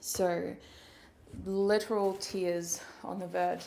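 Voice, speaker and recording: A woman reads tarot in a soft, intimate, emotional voice that sits close to tears. Her tone is dark and mellow, with a gravelly fry running under the words. Her pitch stays flat and even. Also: measured pace, a little hiss or hum. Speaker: tarot reader. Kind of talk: channelled tarot reading, soft and slow.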